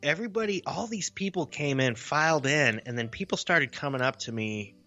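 A man's voice: medium pitch, expressive, moderate pace, bright, forceful tone, faint music behind. A man in his forties co-hosting a casual podcast, rambling and self-deprecating, swearing freely. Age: 40s. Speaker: podcast co-host.

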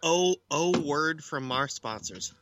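A man's voice: a little high, animated, slow, over music. A man co-hosting a casual podcast, speaking in a playful, teasing way. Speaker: podcast co-host. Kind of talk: casual chat.

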